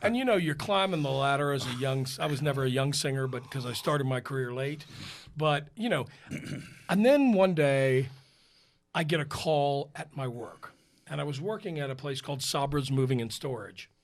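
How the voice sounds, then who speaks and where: A podcast host with a medium-pitched voice tells a casual story at a moderate pace. He is animated and self-mocking, laughing between lines as he goes.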